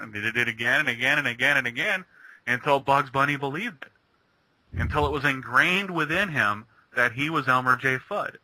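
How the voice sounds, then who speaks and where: A man's voice: mid-range voice, a little fast, sharp tone, no room sound, low-quality recording. A man chatting casually and retelling a cartoon plot, rambling with many restarts. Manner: rambling storyteller, stumbling restarts. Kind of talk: casual chat.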